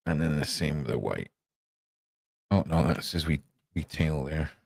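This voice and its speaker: A man's voice: extremely low pitch, lively intonation, measured pace, creaky, darkish tone, dry recording. A man chatting casually on a live stream, muttering to himself as he works and tossing off playful asides.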